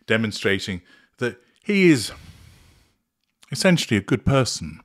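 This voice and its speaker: A man narrating a clinical, measured analysis of a recorded argument, naming each tactic as he goes. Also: lowish voice, sing-song. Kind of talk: analytical voice-over commentary.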